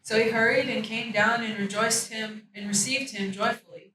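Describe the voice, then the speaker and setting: Lady reading bible verses out loud, far from the mic, echoey room. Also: fairly high pitch, steady tone, moderate pace. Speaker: group member reading scripture. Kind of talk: reading scripture aloud. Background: room ambience noise.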